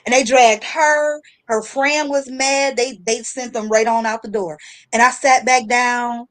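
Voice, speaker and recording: A woman hosting a casual chat show, telling a story in a lively, slangy way with frequent laughter. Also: fairly high pitch, a little slow. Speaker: host.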